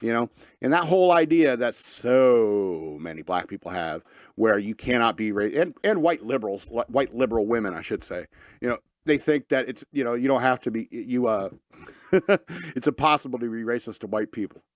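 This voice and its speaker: A man's voice: medium pitch, expressive, normal speed, dry recording, clean studio sound. A man hosting a casual talk radio show, reading news stories aloud with sarcastic asides. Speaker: podcast host reading news.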